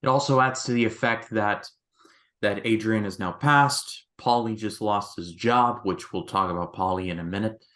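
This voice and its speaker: A man hosting a casual film review chat, animated and quick with asides. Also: fairly low pitch. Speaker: film review podcast host.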